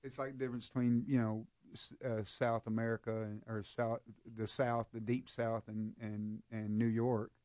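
A man who plays in a band, a guest on a radio show, talking quickly and rambling in casual chat. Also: mid-range voice, flat delivery, mellow, dry recording.

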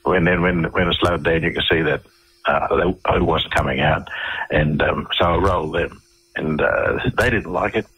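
Deep husky Australian man, rambling. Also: fairly bright tone, low-quality recording. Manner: rambling, halting, many fillers and restarts. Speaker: interview guest. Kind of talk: casual radio interview storytelling.

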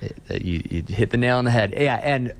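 A man's voice: mid-range voice, lively intonation, moderate pace. A man in his thirties, a pastor, speaking earnestly in an interview and often repeating words as he starts a phrase. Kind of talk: conversational interview answers.

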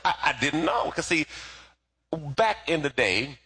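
Husky, animated middle-aged pastor. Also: male voice, a little high, takes it slowly. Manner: conversational, playful, calls for responses. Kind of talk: sermon.

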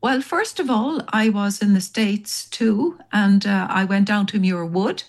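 An Irish woman being interviewed as a guest, telling long stories in a rambling, animated way. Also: medium pitch, unhurried. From Ireland. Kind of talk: storytelling interview.

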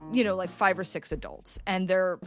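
A woman telling a personal story in an interview, animated and halting, acting out what people said. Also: fairly low pitch, soft background music. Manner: animated, halting with restarts, acts out quotes. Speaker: storyteller guest.

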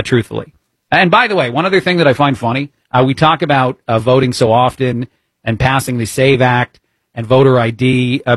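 A man's voice: mid-range voice, a bit bright, no echo. A man with a New Jersey accent, hosting talk radio as a fill-in host. He speaks in an opinionated, wry, conversational way with frequent fillers.

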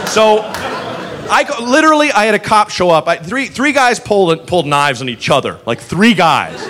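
Animated, high-pitched male stand-up comic. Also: a crowd in the background. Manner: animated, profane, acts out characters in quick voices. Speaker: stand-up comedian. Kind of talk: stand-up comedy storytelling. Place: comedy club stage. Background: audience laughter.

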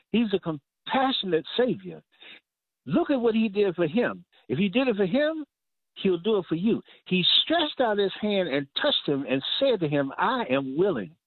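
A man's voice: sits high, no room sound. A man preaching a sermon, emphatic and repeating phrases for stress. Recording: dry, tinny phone-like sound.

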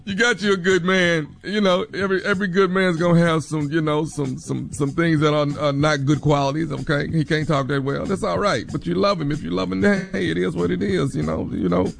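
Joking male co-host, gravelly voice. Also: on the high side, steady tone, fairly quick, few pauses. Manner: laid-back, joking, repetitive. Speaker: radio co-host. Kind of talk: casual advice banter.

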